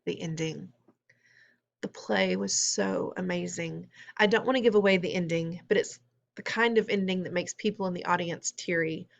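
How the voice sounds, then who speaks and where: A woman's voice: fairly low pitch, moderate pace, gravelly, muffled recording. A woman narrating a storybook in the first person, plain and conversational. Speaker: audiobook reader.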